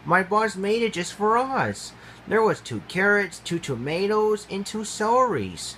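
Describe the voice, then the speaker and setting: A man voicing an excitable young male animal in a storybook reading. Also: high-pitched, a little slow, a little hiss or hum, pitched above the performer's own voice, full character voice. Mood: eager.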